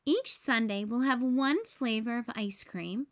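A woman's voice: a little high, unhurried. A woman voicing a bossy, practical young girl who gives instructions in a matter-of-fact way.

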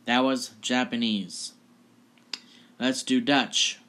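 A man's voice: mid-range voice, steady tone, slow, fairly bright tone. A man hosting a casual video, chatty and offhand as he introduces each clip. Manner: chatty and offhand, laughing at the results. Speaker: video host. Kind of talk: casual vlog presenting.

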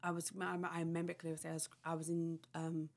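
Young woman guest, low creaky voice, flat and rambling, keeps quoting people. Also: fast talker. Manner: rambling, full of "like" and quoted dialogue. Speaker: podcast guest. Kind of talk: emotional personal storytelling.

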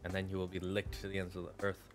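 A man's voice: deep voice, completely flat delivery, fast, faint music behind. Chatty male game streamer. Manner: chatty, playful, talks to his chat. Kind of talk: casual live-stream chat while gaming.

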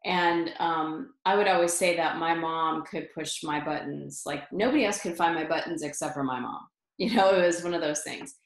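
Telling a personal anecdote as an interview guest, this middle-aged woman is animated, laughs a lot, and keeps restarting her sentences. Her voice sits low, moving at a moderate pace with hardly any pauses, and the room echoes noticeably.

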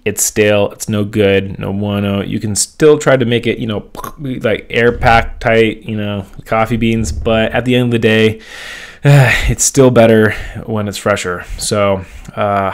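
A man casually vlogging to his viewers, excitable and rambling because he says he is wired on caffeine. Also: fairly low pitch, clear, resonant tone. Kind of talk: casual home vlog.

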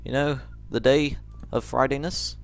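A man giving rambling let's play commentary, jumpy and quick to shriek when startled. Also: medium pitch, fairly even intonation, vocal fry, soft background music.

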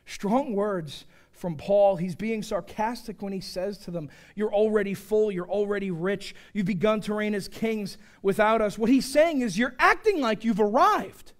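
A male pastor delivering a joking, animated sermon, swinging from shouts to hushed asides. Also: high voice, moderate pace, hardly any pauses. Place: church sanctuary.

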